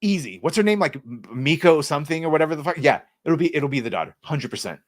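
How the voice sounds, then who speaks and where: A man's voice: fairly high pitch, lively intonation, fast, dry recording. Sarcastic guy ranting on a podcast, swears a lot, dry close sound. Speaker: co-host. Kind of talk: casual podcast chat.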